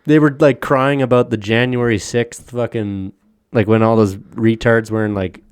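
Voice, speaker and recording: A man's voice: mid-range voice, steady tone, moderate pace, clear, resonant tone, no room sound. A man co-hosting a casual podcast, ranting with lots of profanity and frequent laughter. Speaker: podcast co-host.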